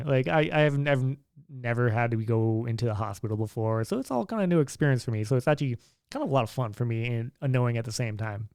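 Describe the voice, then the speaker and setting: Young guy chatting through a story, doing the other people's lines, smooth resonant voice. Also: mid-range voice, darkish tone, no room sound, studio quality. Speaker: vlogger. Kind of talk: casual storytelling.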